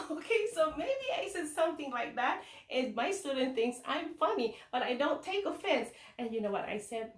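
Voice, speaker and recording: A woman teacher from the Philippines with a Filipino accent, giving animated tips to fellow teachers, asking and answering her own questions. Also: sits high, echoey room, recorded from a distance. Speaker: kindergarten teacher.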